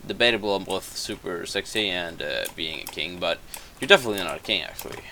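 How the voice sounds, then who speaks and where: A man's voice: on the low side, expressive, quick pace, bright, forceful tone, a little hiss or hum. A young man casually retelling a story while gaming, rambling, swearing constantly and correcting himself as he goes. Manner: profane, rambling, self-correcting. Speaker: gaming commentator.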